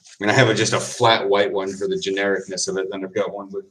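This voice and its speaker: A low-voiced footballer chats casually on a livestream, responding to viewer comments. He rambles in an easygoing way, tossing in quick asides and laughing a lot.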